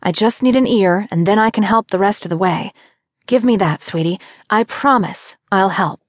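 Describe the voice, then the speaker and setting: A woman voicing a calm female doctor who encourages her patient kindly. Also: medium pitch, normal speed, dry recording, studio quality, natural voice. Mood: encouraging.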